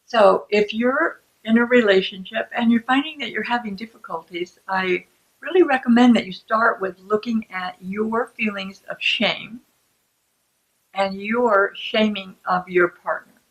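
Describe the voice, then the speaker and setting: A woman who writes self-help books, explaining shame calmly and deliberately to the camera. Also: medium pitch, poor audio. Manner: calm and deliberate.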